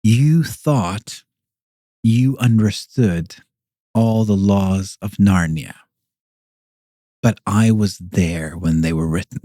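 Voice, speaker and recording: Solemn lion king, slow and deep, mellow and dry, a man puts him on. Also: no echo.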